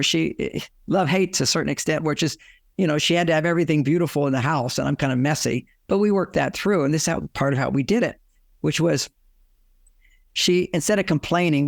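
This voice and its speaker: In a relaxed interview, an older relationship author animatedly shares stories and performs the lines of the people he quotes. His voice runs on the high side and is gravelly, with clean studio sound and no echo.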